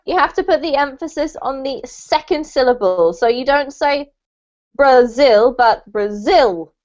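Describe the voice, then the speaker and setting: A woman hosting an online English class, her voice high and swinging widely as she coaches and laughs along. It comes through muffled, lo-fi call audio. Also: expressive, normal speed. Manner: upbeat, coaching, laughs often. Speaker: English conversation teacher. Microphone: video call.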